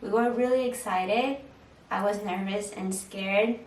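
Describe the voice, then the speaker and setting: Young mom vlogger, echoey room. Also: female voice, mid-range voice, fairly even intonation, unhurried, distant mic. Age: young adult. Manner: candid, chatty, with frequent "like" fillers. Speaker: vlogger answering viewer questions. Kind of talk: casual Q&A chat.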